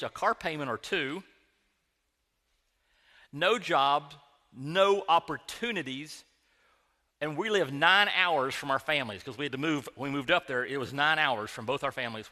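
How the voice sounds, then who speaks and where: A man's voice: fairly high pitch, sharp tone. A middle-aged man preaching a sermon in a church, telling a personal story in a conversational way with frequent restarts. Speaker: pastor. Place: church sanctuary. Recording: long hall reverb.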